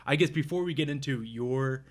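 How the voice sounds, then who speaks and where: A male podcast host who asks questions in a halting way and searches for his words. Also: medium pitch. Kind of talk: casual podcast interview.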